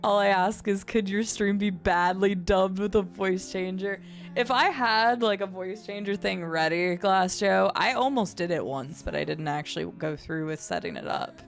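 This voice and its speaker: A woman streamer chatting casually with her viewers. She has a low vocal fry at the ends of her phrases, rambles, and laughs often. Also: expressive, moderate pace, faint music behind. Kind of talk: casual live-stream chat, reading and answering chat. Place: home streaming setup.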